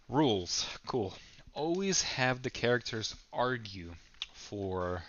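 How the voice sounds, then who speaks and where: A man's voice: medium pitch, very animated, slow, fairly bright tone, no room sound, dull audio. A man reading an AI game prompt aloud, stumbling and laughing as he comments. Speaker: video creator.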